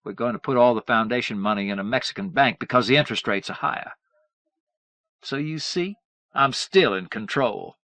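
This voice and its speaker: A man voicing an unstable, spoiled young man who erupts into petulant shouting. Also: medium pitch, a little fast, dry recording. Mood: boastful.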